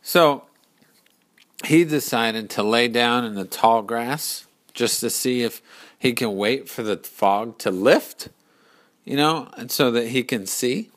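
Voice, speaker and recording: A man telling an improvised pirate adventure story in an unhurried, explanatory way. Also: mid-range voice, fairly bright tone.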